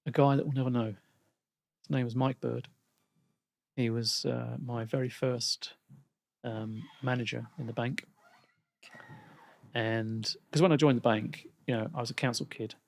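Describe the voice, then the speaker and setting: A man speaking as a podcast guest, reflective and a bit hesitant, with frequent pauses and fillers. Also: medium pitch, fairly even intonation, gravelly. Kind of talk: casual interview conversation.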